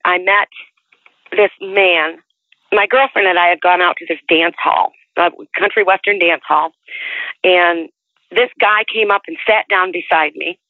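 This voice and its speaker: A woman in her sixties, being interviewed over the telephone, tells her life story in a chatty, rambling way and often restarts her sentences. Her voice is on the low side. The phone line sounds tinny and dry, with no echo.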